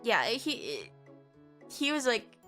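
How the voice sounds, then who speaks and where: A woman's voice: a little high, wildly swooping pitch, takes it slowly, a bit bright, soft background music. A young woman streamer in a casual chat, rambling and giggly, full of slang.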